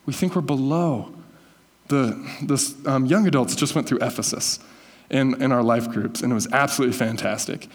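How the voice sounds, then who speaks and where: A man's voice: mid-range voice, moderate pace, long reverb tail. A man preaching a conversational sermon as a pastor, correcting himself and teasing listeners by name.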